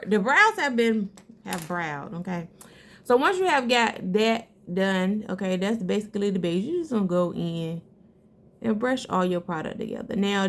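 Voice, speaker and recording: Chatty woman with a gravelly edge. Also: medium pitch. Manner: chatty, talks straight to viewers as girl and sis. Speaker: beauty vlogger. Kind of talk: casual makeup tutorial.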